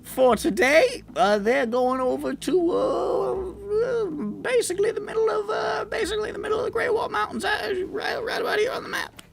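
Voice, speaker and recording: A man voicing an excitable male goblin sidekick in a shrill, strained squeal. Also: normal speed, creaky, full character voice. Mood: excited.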